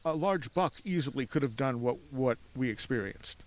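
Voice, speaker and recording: A man telling a story as a podcast guest outdoors at a cemetery, animated, acting out voices in his anecdotes and laughing often. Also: mid-range voice, normal speed. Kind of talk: casual storytelling.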